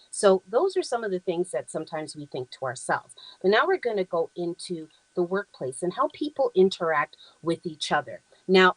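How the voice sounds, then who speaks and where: A woman hosts a talk show in a conversational presentation style, walking through slides and reading short phrases aloud in an earnest, affirming way, with frequent ums. Her voice is fairly low yet fairly bright in tone. The recording is dry and the audio quality is poor.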